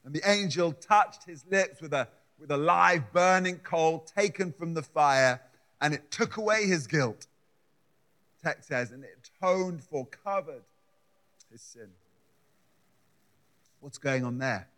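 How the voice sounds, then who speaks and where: Male preacher, fairly high voice, slow and deliberate delivery, emphatic and repetitive. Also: a bit bright. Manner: emphatic, repeats words as he builds a point. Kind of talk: sermon with scripture reading.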